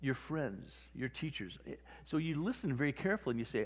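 A male pastor preaching in a casual, animated style, with a voice of ordinary middle pitch. He talks to the congregation like he is chatting with them, slipping into quoted voices as he goes. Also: a little fast, slightly rough, in a large hall. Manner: conversational, animated, acts out quotes. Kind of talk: sermon.

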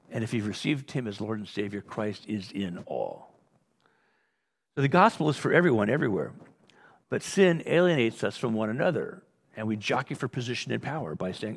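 A male pastor delivering a sermon in a relaxed, conversational way. His mid-range voice is gravelly and a little husky, and it has a rough edge. He often restarts phrases and slips into short acted asides. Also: medium pitch, brisk.

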